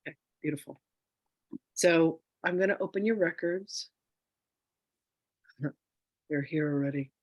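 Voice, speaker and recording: Man, spiritual teacher, relaxed chat, fairly high voice, dry sound. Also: unhurried, pauses often, dry recording. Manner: chatty, relaxed, self-joking. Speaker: spiritual teacher doing a reading. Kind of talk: casual spiritual session.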